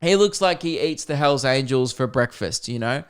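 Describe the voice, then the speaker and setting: A young man hosting a podcast, telling a comedic story in a casual, animated, self-deprecating way, with plenty of swearing. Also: medium pitch, normal speed, clear, resonant tone. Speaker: podcast host.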